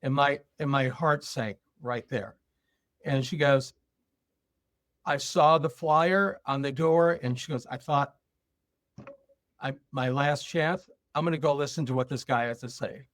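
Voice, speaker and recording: A man's voice: medium pitch, measured pace, no echo, studio quality. A man telling a personal story as a podcast guest, acting out both sides of a remembered conversation. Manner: animated retelling, acting out both sides of a dialogue. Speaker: guest speaker.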